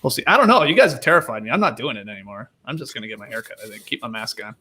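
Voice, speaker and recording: A man's voice: mid-range voice, expressive, rapid-fire, bright, forceful tone, slightly rough. A man hosting a podcast in casual chat, reading out listener emails in an easygoing, jokey way. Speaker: podcast host.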